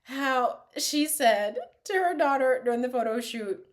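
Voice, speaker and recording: A young adult woman chatting casually in a reaction vlog, animated, laughing often and dropping into quiet asides. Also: high voice, a little slow. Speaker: vlogger reviewing a TV show.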